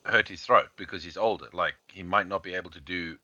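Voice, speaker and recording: A man's voice: low-pitched, fairly quick, bright, forceful tone, no echo. A man co-hosting a casual podcast, hesitant with many restarts, arguing his point. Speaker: podcast co-host. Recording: dry, dull lo-fi sound.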